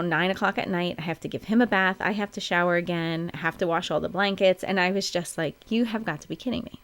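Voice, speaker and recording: Chatty woman host telling a family story. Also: medium pitch. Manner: chatty and candid, with frequent fillers and restarts. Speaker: podcast host. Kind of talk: personal storytelling monologue.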